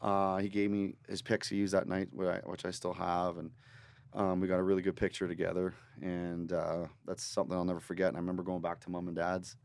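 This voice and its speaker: A man from Northern Ontario telling a long story as a guest musician in a podcast studio, rambling and energetic, with restarts and the odd swear word. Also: low-pitched, brisk, creaky, clear, resonant tone, no room sound. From Northern Ontario, Canada. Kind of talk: casual interview storytelling.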